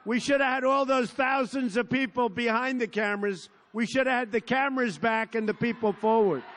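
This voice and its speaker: A man in his seventies giving a rambling, boastful campaign rally speech at a large outdoor field, repeating himself and sometimes shouting. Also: very high-pitched, a little fast, a little hiss or hum. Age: 70s. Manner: boastful, digressive, repetitive, bursts into shouting. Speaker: politician at a rally.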